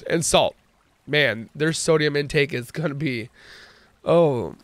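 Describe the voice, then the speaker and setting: A man hosting a gaming channel, commenting excitably and joking as he plays. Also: a little high, slow, pauses often, dry recording. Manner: excitable, jokey, exclaims and laughs often. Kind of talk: let's play commentary.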